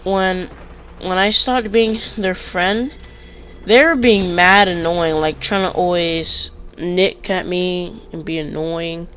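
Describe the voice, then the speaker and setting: A young man tells casual stories for his channel, wandering off track and restarting sentences. He gets loud and excited in the retellings. His voice comes through a clip-on mic. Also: high voice, slow pace, a little hiss or hum, rough recording. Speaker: vlogger. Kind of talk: casual storytime.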